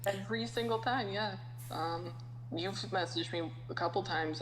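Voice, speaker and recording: Low-voiced young woman, candid storyteller. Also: fairly even intonation, big-room sound, a little hiss or hum, poor audio. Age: young adult. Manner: slow, candid storytelling, soft laughs. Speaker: podcast guest. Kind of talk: casual podcast chat.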